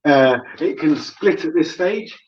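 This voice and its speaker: A man hosting a live cooking demo, relaxed and chatty, laughing often as he explains each step. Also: a little high, takes it slowly, a little hiss or hum. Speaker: cooking show host. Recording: dull lo-fi sound.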